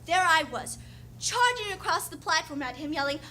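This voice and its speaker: Here a woman plays an eager young woman back from Paris, gushing over everyone in a stage monologue. The voice sits very high and bright, and it spills over with chatter. A faint hiss of noise lies under it. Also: very animated, normal speed, full character voice. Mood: gushing excited.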